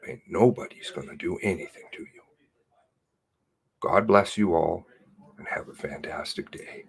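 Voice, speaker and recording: A man hosting his own channel, reading out a news release in a furious, swearing rant that swings from shouts to hushed mutters. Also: low voice, a little slow, creaky, long pauses, slightly rough. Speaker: channel host.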